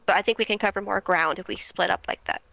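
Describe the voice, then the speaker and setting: A woman's voice: mid-range voice, fast talker, vocal fry, bright, forceful tone, no room sound. A woman playing a tabletop game, chatting casually and laughing often. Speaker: player.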